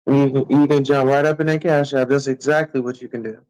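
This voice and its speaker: A man's voice: mid-range voice, steady tone, brisk, darkish tone, rough recording. A man ranting at commenters on a live stream, brash and sassy, swearing a lot and drawing his taunts out in a sing-song.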